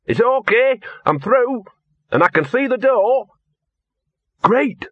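A cynical talking mutt, voiced by a man in an audiobook, grudging and sardonic with a husky edge. The recording is dull and lo-fi, dry and close. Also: mid-range voice, moderate pace, dry recording, close to an everyday voice. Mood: relieved. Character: streetwise grumbling talking male dog.

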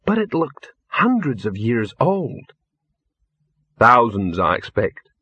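A man's voice: medium pitch, very animated, slow, pushed and bright, breathy edge, dry recording, muffled recording, full character voice. A man voicing an earnest, slightly anxious young man who talks encouragingly. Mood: reassuring. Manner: encouraging, apprehensive.

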